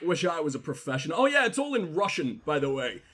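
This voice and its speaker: A man's voice: on the high side, very animated, fast talker, fairly bright tone. A man giving crude, sardonic let's play commentary while he plays a game. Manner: sardonic, crude, rambling jokes. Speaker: gaming streamer.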